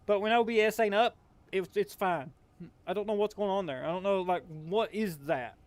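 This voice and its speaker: A man's voice: high-pitched, moderate pace, a little mellow. A young man from Kentucky with a Southern accent, chatting casually while streaming a game, rambling with lots of fillers. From Appalachian Kentucky, US. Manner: rambling, filler-heavy, drawling. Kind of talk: casual gameplay chat.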